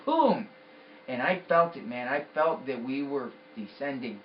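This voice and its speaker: A man's voice: mid-range voice, normal speed, far from the mic, lo-fi sound, a little hiss or hum. A man giving an intense, emphatic personal testimony about a vision. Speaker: storyteller.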